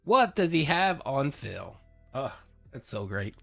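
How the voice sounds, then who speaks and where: A man giving casual, animated commentary while reacting to a recorded debate, laughing and swearing. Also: mid-range voice, slow pace, gravelly, faint music behind. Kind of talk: casual commentary over a clip.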